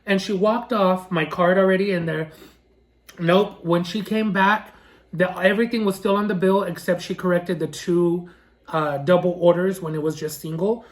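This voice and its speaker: A man tells a food-vlog story in a fairly high voice, animated and indignant. He fills his talk with little pauses and restarts, and switches voices to act out what people said. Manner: re-enacts dialogue in shifting voices. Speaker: food vlogger. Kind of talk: story time.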